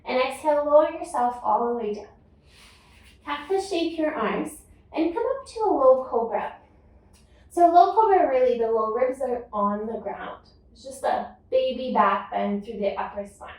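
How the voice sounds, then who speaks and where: A woman teaching a guided yoga class, calmly cueing each breath and movement. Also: high voice, moderate pace, distant mic. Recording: echoey room, voice off-mic.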